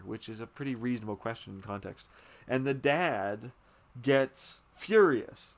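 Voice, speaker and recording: A man hosting a podcast, chatting casually about a film in a rambling way, with plenty of fillers, swearing and quick asides. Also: medium pitch, animated. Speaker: podcast host.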